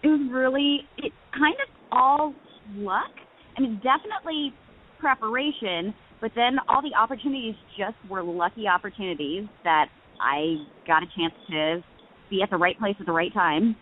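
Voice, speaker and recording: Speaking by phone, this bubbly actress in her thirties is a guest on a relaxed interview, where she shares stories punctuated by frequent laughter. She has a mid-range, expressive voice and talks at a normal speed.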